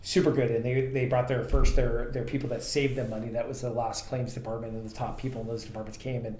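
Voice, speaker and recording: Fast-talking man telling rambling stories. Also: medium pitch, little pitch movement, a little mellow. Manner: rambling anecdotes with many fillers. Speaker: podcast co-host, transportation business owner. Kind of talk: casual storytelling chat. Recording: echoey room with faint ambient noise.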